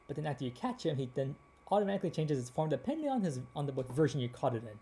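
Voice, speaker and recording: Dark-voiced man rambling about games. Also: on the high side, sing-song, very fast. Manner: rambling, with frequent restarts and fillers. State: slightly hoarse. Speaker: gaming channel host. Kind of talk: casual gameplay rambling.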